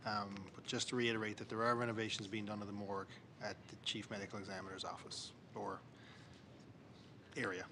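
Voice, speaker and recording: A man's voice: fairly low pitch, flat delivery, brisk, noisy background. A man, a minister giving brief, slightly wry answers in committee. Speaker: government minister.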